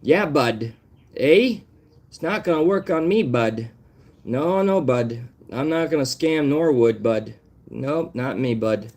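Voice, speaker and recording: A man's voice: mid-range voice, lively intonation, darkish tone. A man putting on the voice of a taunting Canadian man who tags every line with "bud". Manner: taunting, drawn-out "bud" tag.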